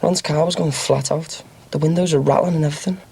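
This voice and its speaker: A man's voice: a little high, fairly even intonation, fast, creaky, darkish tone, husky, exaggerated voice. An actor playing a cocky, boastful young ex-con in a TV soap, telling his story. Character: cocky young ex-con man, brash braggart. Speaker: small-time criminal. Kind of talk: TV soap drama acting.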